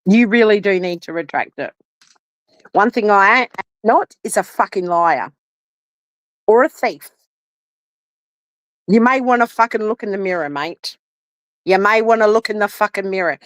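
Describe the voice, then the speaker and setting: A woman's voice: mid-range voice, unhurried, pauses often, fairly bright tone, no room sound. A woman, furious and swearing nonstop in a livestream rant, shaking with anger. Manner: furious, swearing constantly, repeating demands. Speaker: live streamer.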